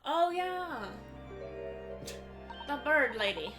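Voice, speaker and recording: A woman's voice: high-pitched, big pitch swings, drawn-out words, music in the background. A woman playfully reacting and chatting while watching a video game with her husband. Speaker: let's play co-host. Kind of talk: casual gameplay commentary.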